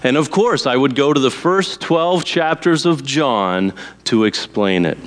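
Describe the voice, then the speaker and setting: A man who is a pastor, preaching a sermon in a slow, deliberate way with emphatic pauses. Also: medium pitch, expressive.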